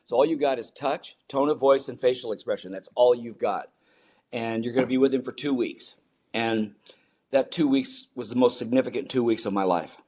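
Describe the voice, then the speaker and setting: A man's voice: mid-range voice, normal speed, mellow. Man, 70s, interview guest; earnest storyteller, repeats for emphasis. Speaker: podcast guest.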